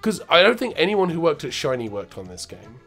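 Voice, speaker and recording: A man's voice: on the high side, very animated, fairly quick, a bit bright, soft background music. A man co-hosting a retro video game show, casually commenting while he plays, rambling and knowledgeable. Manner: rambling, knowledgeable, many restarts. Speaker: co-host playing retro games.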